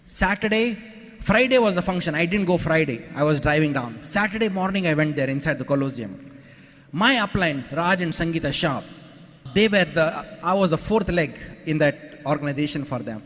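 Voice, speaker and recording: A man with a fairly high voice tells his story to a conference crowd, joking and acting out what people said. His voice rings out with a long reverb from a large hall. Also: normal speed. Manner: animated, joking, acts out quotes, frequent "okay?" asides. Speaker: motivational speaker at a business conference. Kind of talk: storytelling speech to a live audience.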